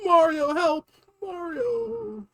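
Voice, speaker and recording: A man on a game stream voicing a needy, tearful adult male plumber brother in a weird, shaky, high voice that breaks into sobs. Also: drawn-out words, gravelly, a bit bright, dry recording, heavily acted. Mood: pleading. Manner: wailing, pleading, cracking into sobs. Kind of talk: comedic character voice on a game stream.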